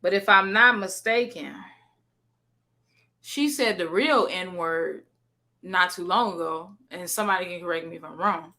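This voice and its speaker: A woman's voice: lowish voice, a little slow, sharp tone. A woman hosting a casual reaction commentary, making blunt, sassy asides to her chat. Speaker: commentary host.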